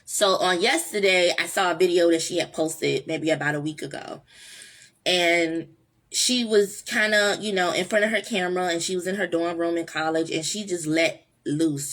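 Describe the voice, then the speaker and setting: Woman, low husky voice, casual vlog talk, earnest and rambling. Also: normal speed, fairly bright tone. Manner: earnest, rambling, with many fillers and restarts. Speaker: vlog host. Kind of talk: casual heartfelt monologue.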